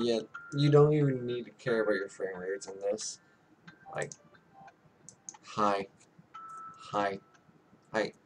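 A man casually commentating a game he is playing, soft-spoken and rambling, making fun of himself. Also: on the low side, slight background noise. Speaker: gaming YouTuber. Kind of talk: casual let's-play commentary.

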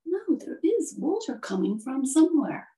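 A woman's voice: very animated, moderate pace. A woman putting on a chirpy little swallow. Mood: annoyed. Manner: high, bright bursts of surprise. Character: chirpy little male swallow, restless and chatty. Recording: distant from the mic.

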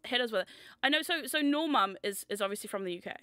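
A young woman from the United States hosting a casual livestream chat, giggly and excitable, reading comments aloud. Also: fairly high pitch, quick pace, no echo. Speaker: livestream host.

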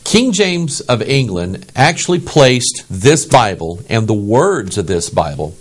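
An American pastor delivers a sermon with animation and emphasis, frequently checking in with his listeners by asking "okay?" His mid-range voice is unhurried.

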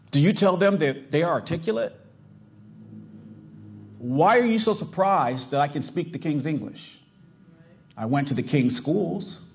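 A middle-aged male pastor from the US South with a Californian accent, preaching emphatically and asking the congregation rhetorical questions. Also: fairly high pitch. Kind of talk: sermon.

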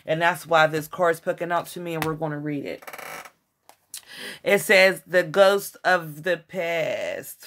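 A woman giving a casual tarot reading, emotional and excitable, with slangy chat. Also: deep voice. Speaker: tarot reader.

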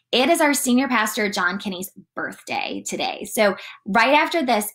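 A woman giving a casual morning devotional, chatty and animated, often saying "like" as she reads and talks. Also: medium pitch. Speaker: church devotional leader.

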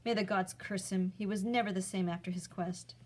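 A woman voicing a sharp-tongued, clever young girl in a storybook read-aloud, speaking brusquely. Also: medium pitch, fairly even intonation, a little fast, natural voice.

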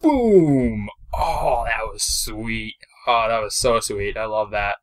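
A young man giving casual, chatty commentary over his own mobile game, excitable and self-deprecating, speaking into a desk mic. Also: fairly low pitch, slow. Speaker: gameplay commentator.

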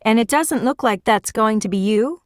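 A woman reading a teenage boy's lines in a storybook, calm and a little hesitant. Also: on the high side, moderate pace, no room sound, clean studio sound, natural voice. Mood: earnest. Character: teenage boy, gentle and earnest.

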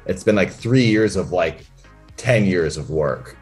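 A man with a notably deep, low-pitched voice chats as an interview guest. He speaks reflectively, thinking out loud as he goes, with faint music sitting under his voice. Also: animated, measured pace. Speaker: interview guest, comedian and character performer. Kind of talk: casual interview chat.

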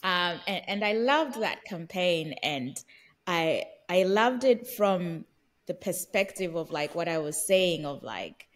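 A woman co-hosting a podcast, talking in a lively, conversational way with playful asides. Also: fairly low pitch, slow pace. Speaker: podcast co-host. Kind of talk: casual conversation.

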